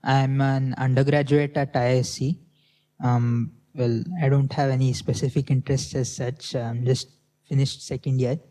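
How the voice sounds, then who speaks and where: Tentative young man, mellow flat voice. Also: medium pitch, normal speed. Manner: tentative, offhand. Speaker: undergraduate student. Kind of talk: self-introduction.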